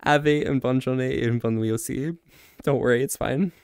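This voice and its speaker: A man's voice: medium pitch, steady tone, normal speed, clean tone, dry recording, studio quality. A man streaming casually, answering chat, laughing often and trying out phrases in other languages with self-deprecating humor.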